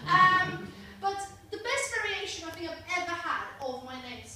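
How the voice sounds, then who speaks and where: A woman's voice: very high-pitched, expressive, normal speed, recorded from a distance. A woman from England performing a stand-up comedy set, chatty and wry, teasing the crowd on a comedy club stage. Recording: echoey room, voice from afar.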